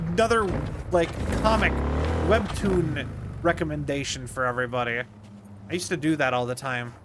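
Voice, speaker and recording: A young male streamer chatting loosely over gameplay, rambling and restarting his sentences. His voice sits fairly high. Clear game and traffic noise runs under him. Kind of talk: casual gameplay commentary.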